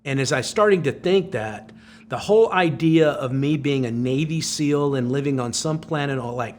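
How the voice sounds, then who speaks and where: A man in his sixties, a podcast guest, telling a personal story intensely with repeated phrases. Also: fairly high pitch. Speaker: podcast guest, former Navy SEAL.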